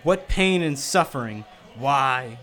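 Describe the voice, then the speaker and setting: Casting: a grumpy old money-duck, read out by a man, gruff and dramatic. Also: medium pitch, lively intonation, slow, a bit bright.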